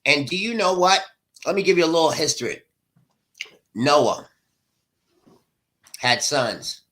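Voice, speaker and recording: A man's voice: on the high side, animated, measured pace, a bit bright. A middle-aged man, an author being interviewed, speaking with passion in a preacher-like rhythm. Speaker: author guest. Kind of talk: emotional interview talk.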